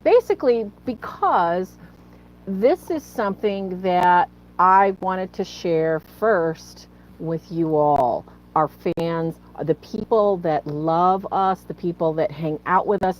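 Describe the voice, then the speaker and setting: A woman's voice: lowish voice, lively intonation, takes it slowly, rough recording. A woman hosting a faith live stream, tearful and fighting back tears as she earnestly pleads with viewers and greets them by name. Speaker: livestream host.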